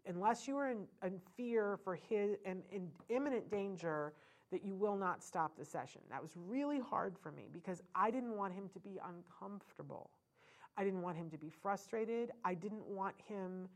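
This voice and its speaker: A middle-aged woman talking earnestly to parents, animated and full of restarts and fillers. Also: medium pitch. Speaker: parent educator speaking to parents. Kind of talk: informal talk to an audience.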